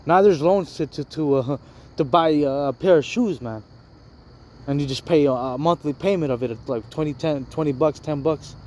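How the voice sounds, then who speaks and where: A man delivers an informal sermon, reading scripture and then commenting on it in loose street talk, constantly saying "man" and "all right." His voice is on the high side and darkish in tone, at a moderate pace, with a little hiss or hum.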